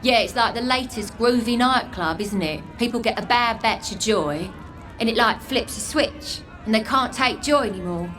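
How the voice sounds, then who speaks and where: A woman's voice: a little high, moderate pace, a bit bright, soft background music, natural voice. An actress voicing a blunt, streetwise outcast young woman in a video game, with an English accent and a breezy, mocking way of giving advice. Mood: cheeky.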